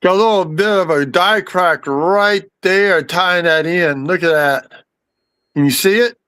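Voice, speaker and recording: High-voiced chatty man on a call. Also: unhurried, bright, forceful tone, smooth. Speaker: coin collector guest. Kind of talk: casual livestream chat.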